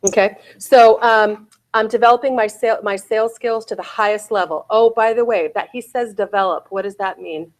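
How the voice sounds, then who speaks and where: A woman's voice: mid-range voice, fairly even intonation, normal speed, few pauses. A woman in her forties giving a real estate sales bootcamp talk, often asking her audience "right?" and "okay?".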